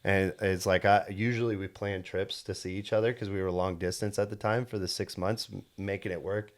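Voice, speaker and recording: A young man with a low, deep voice tells a personal story on a casual podcast. He rambles earnestly, restarting his sentences and filling gaps with "like" and "you know." The delivery is relaxed and conversational. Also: brisk. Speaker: podcast co-host and solar salesman.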